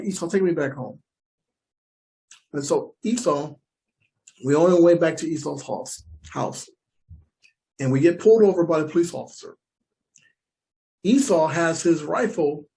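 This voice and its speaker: A man with an American accent telling a stand-up story, animated and repeating lines for emphasis. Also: on the high side. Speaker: stand-up comedian.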